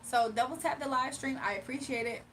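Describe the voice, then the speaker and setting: High-voiced young woman on a livestream. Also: fairly quick, slight background noise. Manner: laughs often, animated storytelling, talks to chat. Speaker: livestream host. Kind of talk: casual livestream chat, reading comments.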